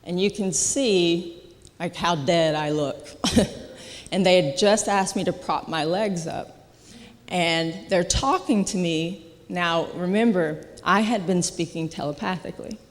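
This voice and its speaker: An adult speaker giving an earnest personal testimony at a church service, halting with frequent restarts and soft laughs. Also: medium pitch. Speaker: guest speaker sharing a testimony. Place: church sanctuary. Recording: long church-hall reverb.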